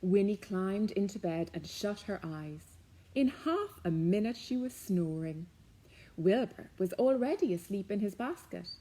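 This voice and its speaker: Slow, expressive Irish woman reading aloud. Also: medium pitch. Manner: slow, expressive, dropping soft on the tag lines. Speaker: librarian storyteller. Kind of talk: reading a picture book aloud to children.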